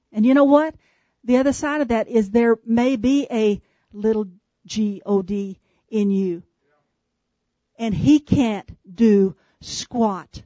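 A woman preaches to her congregation in a high voice, taking her time and dropping to hushed, slow emphasis on key lines. The recording is dry and close, with a slightly muffled, dull tone. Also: no room sound. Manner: shifts from brisk asides to slow, hushed emphasis; addresses congregation members by name. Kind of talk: sermon.

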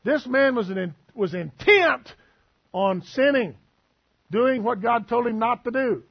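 A man's voice: very high-pitched, animated, takes it slowly, vocal fry, husky, dull audio. A man preaching a sermon as pastor, folksy and full of asides and humor.

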